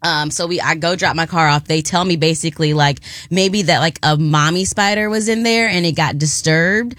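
A woman co-hosting a radio show tells a story in a lively, chatty way. Her voice sits a little low, but it jumps up into sudden squeals when she acts out her panic. The mic is close and dry. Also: normal speed, no room sound. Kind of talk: casual chat, storytelling.

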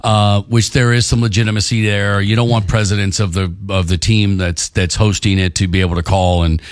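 Low voiced guy cohosting, wry comebacks, dry close mic. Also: flat delivery, no echo. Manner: wry, quick to needle his partner. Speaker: co-host. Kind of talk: casual sports and news chat.

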